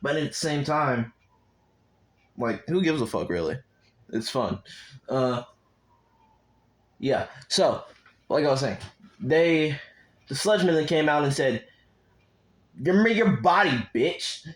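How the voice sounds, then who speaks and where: A man's voice: mid-range voice, lively intonation, slow, long pauses, poor audio. Rambling, profane young man telling a story. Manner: rambling and profane, with asides to viewers. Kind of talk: casual improvised fan story narration.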